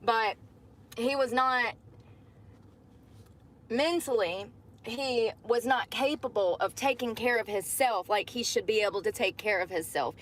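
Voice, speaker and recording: Woman, casual storytelling, chatty, says y'all, slightly raised pitch. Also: a little slow, long pauses. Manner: chatty, addresses viewers as y'all. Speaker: livestreamer.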